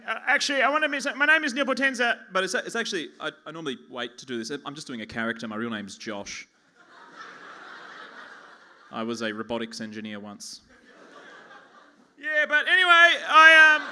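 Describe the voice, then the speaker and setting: Performing a stand-up set into a lectern mic on a pub stage, an Australian comedian rambles self-deprecatingly and stumbles over his own restarts. For a man his voice is very high, sharp and bright, with slight noise in the background.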